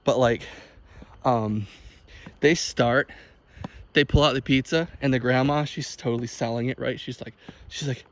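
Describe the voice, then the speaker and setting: A man vlogging outdoors on a walk, telling a story in an animated, chatty way and laughing often. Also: mid-range voice, unhurried, pauses often. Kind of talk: casual chat while walking. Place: outdoors by a field.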